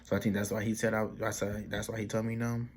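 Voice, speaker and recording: A man's voice: on the low side, little pitch movement, fast talker, slight background noise. A young man casually telling a personal story for his vlog, rambling with slang and restarts and quoting his family in their own voices. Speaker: vlogger.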